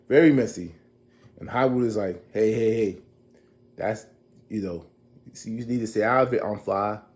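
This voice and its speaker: A man casually recapping a TV episode as a reviewer, chatty and animated, acting out characters' lines. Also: lowish voice, moderate pace, long pauses.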